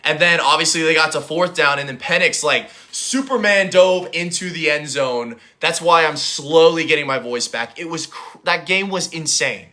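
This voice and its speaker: A young man hosting a livestream, chatting casually and rambling as he answers chat comments, his voice a little hoarse. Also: on the high side, normal speed, hardly any pauses, bright, forceful tone. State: hoarse, voice recovering. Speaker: livestream host.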